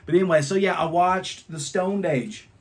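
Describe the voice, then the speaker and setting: A man's voice: sits high, normal speed. A man in his thirties reviewing albums, telling a rambling, profane story in a casual vlog.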